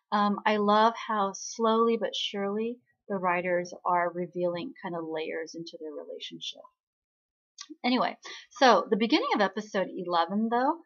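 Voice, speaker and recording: Female recap host, chatty and casual, slightly breathy voice, muffled lo-fi sound. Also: medium pitch, fairly bright tone. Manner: chatty, many fillers, quotes characters in her own voice.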